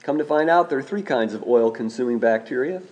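A man preaching a sermon, speaking in a measured way, slowing down and repeating key phrases for emphasis. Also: medium pitch, expressive, a little mellow.

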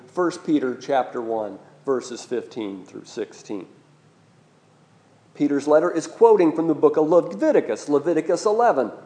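Guy preaching a sermon, warm mellow voice a bit high, chatty asides to the folks. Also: expressive, moderate pace. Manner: conversational teaching with asides and rhetorical questions.

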